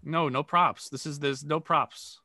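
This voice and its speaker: A man's voice: a little high, steady tone, a little slow, bright, forceful tone, dry recording, studio quality. A man on a podcast, coaching improv in a rambling, casual way with lots of fillers.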